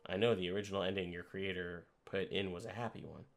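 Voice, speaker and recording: A man voicing a lost young child hero in a soft, questioning way. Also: sits low, fairly even intonation, quick pace, a little hiss or hum.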